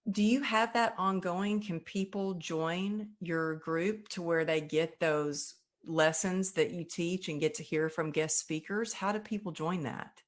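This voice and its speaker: A woman's voice: lowish voice, measured pace, few pauses. A woman hosting a podcast interview, talking in an effusive, emotional and casual way. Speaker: podcast host.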